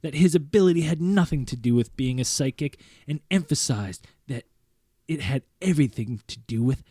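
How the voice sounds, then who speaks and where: A male podcast host reads a personal story aloud in a studio, mostly earnest but prone to cracking up. His voice sits at a middle pitch, and the recording is close and dry, with no room sound. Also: animated, normal speed, warm tone, breathy edge, no echo. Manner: reads earnestly, breaking into laughter.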